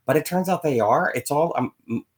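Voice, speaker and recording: A man's voice: a little high, animated, fairly quick. A man co-hosting a casual chat, emphatic and opinionated as he makes his case. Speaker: podcast co-host.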